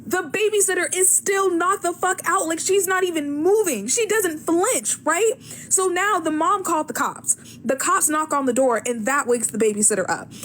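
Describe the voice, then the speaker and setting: High-voiced woman telling a story bluntly. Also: normal speed, a little hiss or hum. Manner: blunt, animated, profane, asks "right?" often. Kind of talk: casual storytelling to camera.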